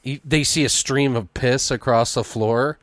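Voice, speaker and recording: A man co-hosting a podcast, pitching a story in casual chat with rambling, profane storytelling. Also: fairly even intonation, measured pace, no echo. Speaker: podcast co-host.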